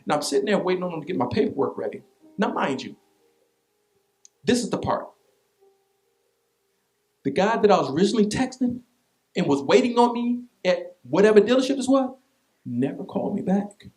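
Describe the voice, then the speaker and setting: A man preaching a sermon as pastor, telling a personal story in an animated, repetitive way with vernacular asides. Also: high-pitched, a little fast, pauses often, soft background music.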